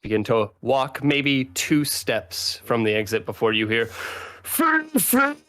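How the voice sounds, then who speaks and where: A man narrating a tabletop game as game master, unhurried and laughing at his own character voices. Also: mid-range voice, fairly even intonation, fairly bright tone.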